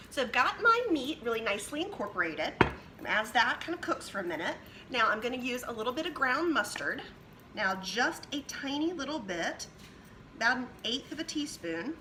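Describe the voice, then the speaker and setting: A cooking show host with a voice on the high side demonstrates home cooking in her kitchen, chatting through each step. Background noise can be heard.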